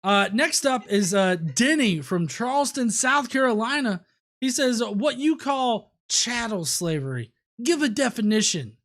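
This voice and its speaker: A man's voice: very high-pitched, expressive, a bit bright. A man hosting a casual livestream from home, ranting and rambling with plenty of swearing. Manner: profane, rambling, quick to rant. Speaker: livestream host.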